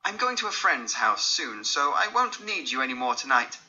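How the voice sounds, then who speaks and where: A man reading an audiobook, voicing a secretive young gentleman who pleads and manipulates. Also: very animated, moderate pace, dull audio. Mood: brisk. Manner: pleading, pitched up high when desperate.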